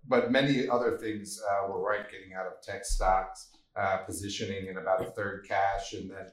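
Low-voiced man in an echoey room. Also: flat delivery. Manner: measured, hesitant, many fillers. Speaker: podcast co-host. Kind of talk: casual market chat.

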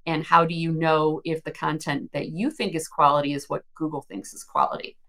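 A woman's voice: deep voice, little pitch movement, fairly quick, fairly bright tone. A woman co-hosting a podcast, explaining things thoughtfully at length, often restarting her sentences. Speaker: podcast co-host. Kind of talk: casual discussion of search marketing news.

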